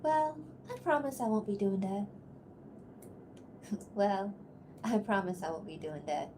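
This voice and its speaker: A woman's voice: medium pitch, a little slow, warm tone, slight background noise, natural voice. A woman voicing a young female character for an animatic, doing a Cajun accent with a drawling, teasing delivery. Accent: attempted Cajun. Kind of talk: animatic voice line takes.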